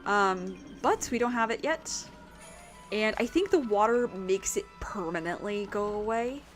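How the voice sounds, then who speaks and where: While streaming a video game, a woman with a rough, worn voice chats casually with viewers, rambling and swearing occasionally. Her medium-pitched delivery is animated but unhurried, with faint music behind her.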